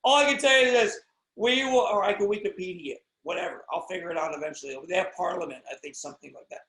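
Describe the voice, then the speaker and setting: Excitable rambling American man, high voice, echoey room. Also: quick pace. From United States. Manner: excitable, rambling, self-interrupting, swings between loud bursts and low asides. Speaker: wrestling podcast host. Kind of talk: casual rambling monologue.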